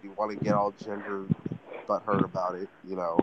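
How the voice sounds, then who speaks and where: A man's voice: on the low side, brisk, lo-fi sound, very noisy. A man co-hosting a podcast in casual chat, rambling and swearing as he retells a story. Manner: profane, rambling, animated retelling. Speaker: podcast co-host.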